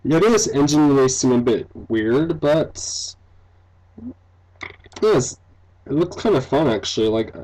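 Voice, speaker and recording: A young game developer and let's-play commentator rambles casually about a game he is building, full of fillers like "um", "like" and "you know", laughing often and putting himself down. His mid-range, darkish voice is very animated yet slow, with long pauses, and the audio is poor with a little hiss or hum.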